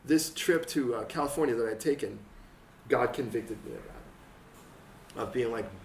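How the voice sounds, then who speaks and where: A man's voice: medium pitch, measured pace. Guy preaching a sermon, chatty then fired up, echoey church, mic kinda far off, faint room hum. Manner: conversational preaching with acted-out quotes and rising excitement. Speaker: pastor. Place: church hall. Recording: roomy church sound from a distant mic.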